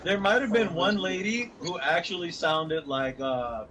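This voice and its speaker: Young male streamer, somewhat high voice, easygoing and halting, noisy chat audio. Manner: easygoing, hesitant, many fillers. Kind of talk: casual voice chat while gaming.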